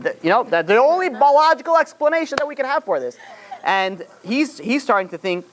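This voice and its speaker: A man's voice: very high-pitched, very animated, fairly quick. A man, a rabbi, retelling a story in a casual, rambling way, full of "you know" fillers and restarts.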